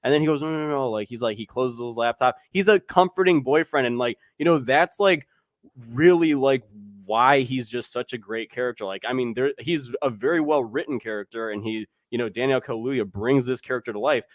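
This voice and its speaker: A man's voice: medium pitch, fairly quick, dry recording, clean studio sound. A young man hosting a podcast, talking casually about a movie, rambling with lots of filler and swearing. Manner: rambling, heavy "like" filler, profane. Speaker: podcast host.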